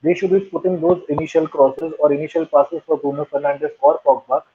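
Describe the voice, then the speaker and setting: A man's voice: a little high, little pitch movement, fairly quick, slight background noise. Opinionated man on a tinny phone line. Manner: opinionated, emphatic. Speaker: co-host. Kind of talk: casual football chat.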